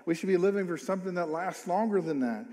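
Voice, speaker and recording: A man's voice: high voice, fast, warm tone. Preacher man in a reverberant hall. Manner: reads scripture then comments with rising emphasis. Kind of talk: sermon.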